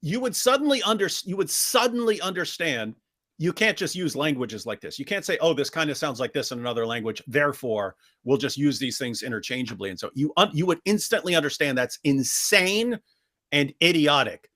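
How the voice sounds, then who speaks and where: Sarcastic guy co-hosting a debate review, higher voice, repeats himself for emphasis. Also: lively intonation, brisk, a bit bright. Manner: sarcastic, mocking, mimics opponents with high exaggerated voice; emphatic, repeats phrases when building a point. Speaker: co-host of a debate review show. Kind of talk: casual discussion, commentary.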